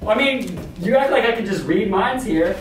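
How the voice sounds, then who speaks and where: A man's voice: sits high, animated, moderate pace, a little hiss or hum. A man acting a teacher in an amateur school skit, laid-back and evasive, laughing things off. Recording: roomy echo, from far off the mic.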